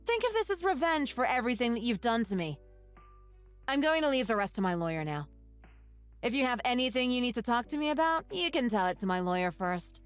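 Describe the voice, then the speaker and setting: A woman plays a wronged young bride, firm and scornful, with a slightly high voice. Her pitch moves in a lively way as she delivers cold, triumphant lines. She is a character in a storybook text-message drama. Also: fairly quick, faint music behind.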